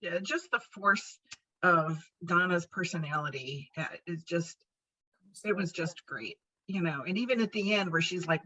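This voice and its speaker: Bright-voiced enthusiastic woman on lo-fi call. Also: lowish voice, measured pace, slightly rough. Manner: enthusiastic, rambling, many fillers and laughs. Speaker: panel guest. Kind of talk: casual panel discussion. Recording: lo-fi call audio.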